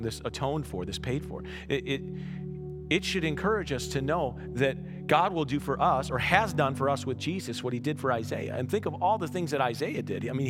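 A man preaching a conversational sermon as pastor, often restarting words and checking in with "right?". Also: a little high.

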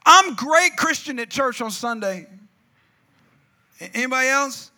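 A man with a high, piercing, very bright voice preaches a sermon. He tells a comic story with big swings in pitch and volume, acts out the people in it, and calls out to the congregation. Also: a little slow. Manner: animated storytelling, acting out voices, shouting asides to the congregation.

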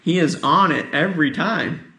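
Male pastor, fairly high voice, sermon in a roomy sanctuary, chatty and tired. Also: moderate pace, pushed and bright. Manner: conversational, asks the congregation questions.

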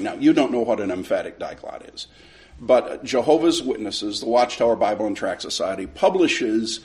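A middle-aged man leads a Sunday school lesson as a storyteller. His voice swings widely in pitch as he acts out both sides of a conversation. He often repeats words as he gets going.

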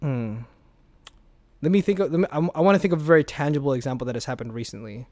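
A man's voice: mid-range voice, fast, a little mellow, no echo. A young man, a former speech competitor, chatting casually as an interview guest, rambling with restarts and swearing freely.

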